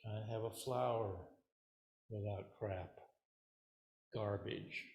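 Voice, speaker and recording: A man as Zen teacher giving a dharma talk in a relaxed, rambling, hesitant way, at a meditation center. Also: fairly low pitch, slow pace. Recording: roomy hall echo.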